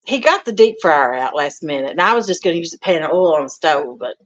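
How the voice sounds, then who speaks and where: A woman with a deep, expressive voice speaks fast while hosting a casual livestream from her home kitchen. She greets viewers and reads out their comments in a folksy, chatty manner, and the stream audio is dull and lo-fi.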